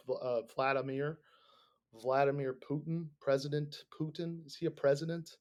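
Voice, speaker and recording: A podcast host rants casually in a rambling, sarcastic way, swearing a lot. His voice is a little high and darkish in tone, with a level delivery at a moderate pace.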